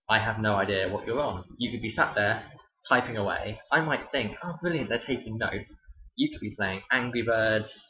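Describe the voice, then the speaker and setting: Young male teacher, wry sarcastic storyteller, lowish pitch, roomy lo-fi recording. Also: fairly bright tone. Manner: dry, sarcastic delivery. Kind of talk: casual storytelling to camera. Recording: roomy, dull lo-fi sound.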